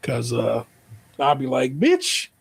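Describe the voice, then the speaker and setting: A man's voice: a little high, animated, normal speed, darkish tone, husky, no room sound. A man with an American accent reading an online post aloud, then joking through profane commentary and spelling out the typos. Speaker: podcast host.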